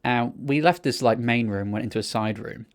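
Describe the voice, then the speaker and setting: A man's voice: mid-range voice, fairly quick. Laid-back English podcast storyteller, man. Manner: rambling anecdotal storytelling with swearing. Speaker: podcast co-host. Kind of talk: casual podcast chat.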